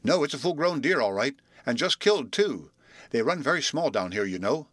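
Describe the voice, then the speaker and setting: A man voicing a calm, shrewd young man in a storybook reading, explaining things thoughtfully. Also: medium pitch, brisk, no room sound.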